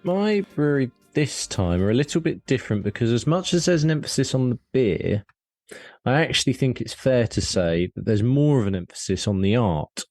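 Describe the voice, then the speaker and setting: A man co-hosting a casual podcast, talking in a relaxed, thoughtful way with small hesitations. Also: mid-range voice, moderate pace, faint music behind. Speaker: podcast co-host.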